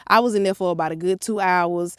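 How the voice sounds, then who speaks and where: A woman vlogger telling a story from her own life in an animated, profane, blunt way. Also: on the low side, fairly quick, clear, resonant tone, no echo, clean studio sound. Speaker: motivational vlogger. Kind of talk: storytime vlog.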